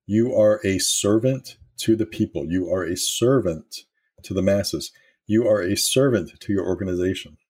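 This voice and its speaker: Husky, deep-voiced middle-aged man. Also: moderate pace, a little mellow. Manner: candid and storytelling, with occasional swearing. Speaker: former manager sharing leadership lessons. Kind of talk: motivational talk.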